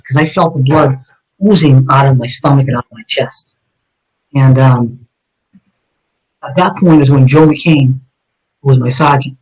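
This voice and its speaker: A man's voice: mid-range voice, slightly rough, low-quality recording. A middle-aged man from Massachusetts, a retired detective telling his story as a guest in an interview, blunt and intense, swearing often. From Massachusetts, USA. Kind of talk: personal story told in an interview.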